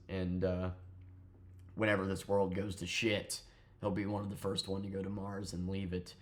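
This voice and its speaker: A man's voice: sits low, little pitch movement, normal speed. A young man, delivering a heated, profane, sarcastic political rant straight to camera. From southern United States. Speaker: vlogger.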